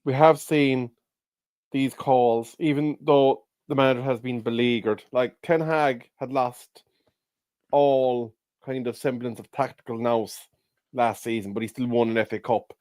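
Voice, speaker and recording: A man co-hosting a casual football fan show, measured and analytical in his points. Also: mid-range voice, fairly even intonation, a little mellow, no echo. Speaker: co-host.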